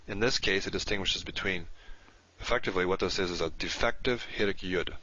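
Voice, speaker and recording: A man's voice: low voice, brisk, pushed and bright. A man teaching a recorded language lesson, explaining step by step and repeating key terms patiently. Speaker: Hebrew teacher. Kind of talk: recorded lecture. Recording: dull lo-fi recording.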